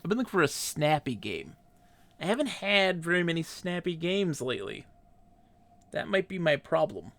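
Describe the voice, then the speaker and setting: A man's voice: fairly high pitch, very animated, moderate pace, creaky, fairly bright tone. A man streaming a game live, chatting casually and reading the game text aloud. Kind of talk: casual gameplay commentary.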